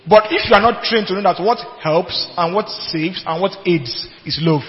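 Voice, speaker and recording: High-voiced man preaching in a reverberant hall. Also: moderate pace. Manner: emphatic, asks the congregation questions, repeats phrases. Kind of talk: sermon. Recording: dull long hall reverb with faint music.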